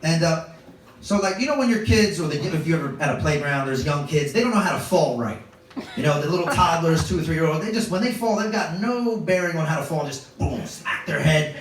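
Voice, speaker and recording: A man's voice: a little high, fairly quick, slight background noise. A man in his thirties doing a storytelling stand-up comedy set on a club stage, wry and self-deprecating. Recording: echoey club room, distant mic, audience laughter.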